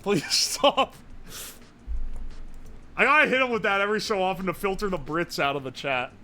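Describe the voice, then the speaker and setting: Bright-voiced, rambling, profane streamer. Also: male voice, high-pitched, big pitch swings, moderate pace, soft background music. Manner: rambling, profane, answering chat. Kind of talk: casual live-stream chat.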